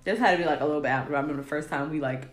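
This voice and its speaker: A woman's voice: low-pitched, racing, reverberant. Laughing woman telling a love story. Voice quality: laughing, emotional storytelling, acts out quotes. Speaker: podcast guest telling her love story. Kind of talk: casual chat.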